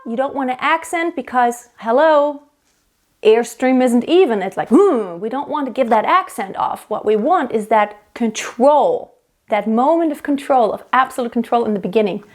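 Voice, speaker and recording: A woman's voice: on the high side, moderate pace. A young woman teaching vocal technique, explaining step by step and breaking off to demonstrate sounds. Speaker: singing teacher.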